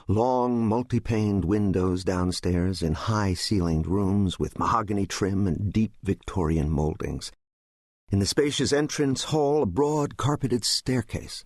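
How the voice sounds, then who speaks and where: A man narrating an audiobook in a measured, descriptive storytelling voice. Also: lowish voice, breathy edge, no echo, studio quality.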